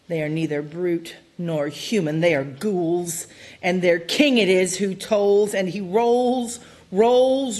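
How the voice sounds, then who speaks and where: A woman reads a poem aloud at a service with full theatrical drama. She takes her time, lingering over each line, and her voice leaps to loud cries, then sinks to near whispers. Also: mid-range voice. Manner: theatrical, swinging from loud cries to hushed murmurs. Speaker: poetry reader at a worship service. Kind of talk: dramatic poetry recitation.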